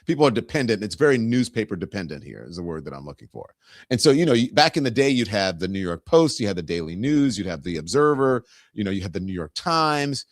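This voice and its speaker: A man's voice: lowish voice, very animated, quick pace, dry recording, studio quality. A middle-aged man from the Southern US hosting casual political commentary, rambling and conversational, with many restarts. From Southern United States. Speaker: host.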